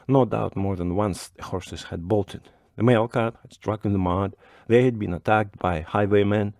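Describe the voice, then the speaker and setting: A man with a low voice reads a classic short story aloud at a measured pace. His delivery is steady and expressive as he narrates the scenes. The recording is close and dry, with no room sound. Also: creaky, dry recording. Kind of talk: audiobook narration.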